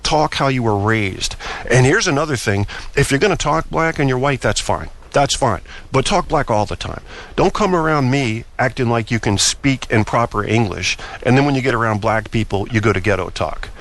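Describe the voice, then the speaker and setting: A man's voice: medium pitch, expressive, moderate pace, a bit bright. Opinionated man rambling through a monologue. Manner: opinionated, rambling, stammering restarts. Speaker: podcast host. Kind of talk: solo talk-show monologue.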